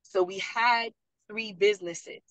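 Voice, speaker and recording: A woman speaks as a parent liaison in a casual panel talk. She tells stories with energy and acts out what others said. Her voice is mid-pitched and sits in a dry, dead-sounding space. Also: a little slow, no echo, muffled recording. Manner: animated storyteller, acts out quotes. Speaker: parent liaison and program graduate.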